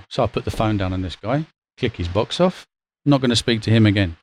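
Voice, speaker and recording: A man, a former bond trader, guesting on an interview and telling stories in a casual, lively way. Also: lowish voice, quick pace, slight background noise. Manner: lively, acts out quotes, laughs while telling. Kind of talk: casual anecdotal storytelling.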